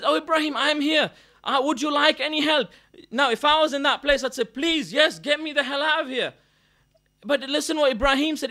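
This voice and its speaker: Preacher guy with a high bright voice, gets loud then quiet, throws in arabic verses. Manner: impassioned, swings between loud declaiming and quiet storytelling. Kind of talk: sermon. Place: mosque gathering hall.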